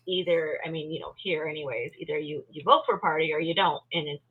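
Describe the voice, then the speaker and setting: A woman guest talks over a tinny, phone-like line. Her voice is a little husky. She chats freely, leans on fillers and acts out her own inner thoughts. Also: low-pitched, quick pace. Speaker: guest, poet and comics creator. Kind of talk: casual interview chat. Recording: tinny phone-like call audio.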